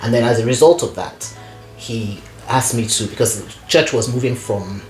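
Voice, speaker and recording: A woman guest telling stories in casual conversation, animated and laughing often, with lots of "you know" fillers. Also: a bass voice, moderate pace, faint music behind. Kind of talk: conversational storytelling. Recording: echoey room.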